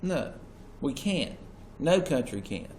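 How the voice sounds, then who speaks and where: A man's voice: mid-range voice, sing-song, takes it slowly, darkish tone. A man lecturing a class as their teacher, asking questions and stressing key words. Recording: echoey classroom with faint noise.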